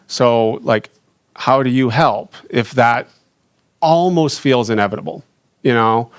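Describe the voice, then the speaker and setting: A young adult man sharing a personal faith story, earnest and halting, with frequent restarts and fillers. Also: medium pitch, clear, resonant tone, no room sound, clean studio sound. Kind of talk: reflective personal testimony.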